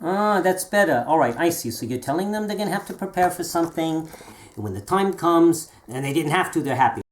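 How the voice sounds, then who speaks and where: A woman's voice: deep voice, lively intonation, a little fast. A woman improvising a playful, musing scene without a script.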